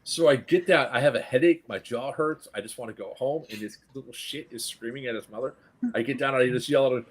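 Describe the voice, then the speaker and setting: Middle-aged man, husky voice, animated and profane, casual storytelling co-host. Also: a little high, fast talker. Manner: animated, profane, acts out quotes. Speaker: stream co-host.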